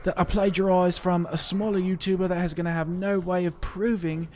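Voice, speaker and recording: A loud, over-excited young YouTuber shouts his video intro in a squeaky high voice, as a man mimics him. Faint gunfire sits behind. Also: brisk, slight background noise, close to an everyday voice. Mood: hyped.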